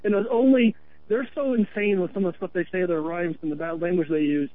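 A man from Vermont calls into a radio show and rambles on earnestly in a chatty way. His voice sits high for a man and comes through a tinny telephone line. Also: steady tone, fast talker. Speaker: caller. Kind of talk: phone-in radio talk.

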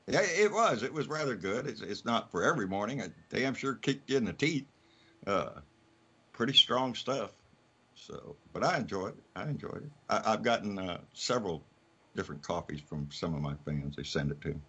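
A man hosting a casual chat, telling folksy stories with a voice that swings up and down a lot. His tone is bright and slightly husky. The recording sounds dull and lo-fi. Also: fairly low pitch, animated, normal speed. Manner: folksy storyteller, laughs often. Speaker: podcast host.

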